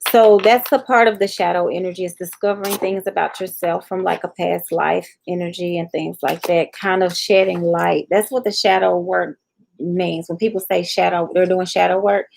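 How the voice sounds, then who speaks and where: A woman's voice: lowish voice, gravelly, darkish tone, poor audio. A woman hosting a live tarot reading, chatting casually and speaking straight to viewers by name.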